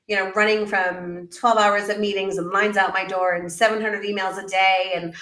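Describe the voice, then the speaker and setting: A middle-aged woman, a business coach guest in an interview, telling her story in an animated way and acting out her own past remarks. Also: mid-range voice, moderate pace, roomy sound. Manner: animated storyteller, quotes herself in lively voices. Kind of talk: conversational interview.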